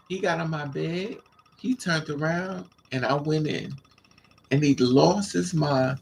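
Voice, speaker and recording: A flamboyant man chats with his live audience in a fairly high, gravelly voice. He talks with sass, leaps into squeals and laughs, and drawls out his asides. Faint noise hums under the recording. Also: measured pace. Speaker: live stream host. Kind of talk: casual storytelling to live chat.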